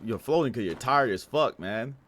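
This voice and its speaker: A man hosting an anime reaction video, talking casually and excitably with frequent swearing and laughter. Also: medium pitch, normal speed, slight background noise. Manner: excitable, profane, laughs often.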